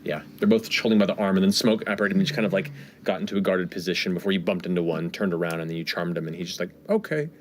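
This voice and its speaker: Game master narrating with a low voice. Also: male voice, little pitch movement, a little hiss or hum. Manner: descriptive, halting with fillers.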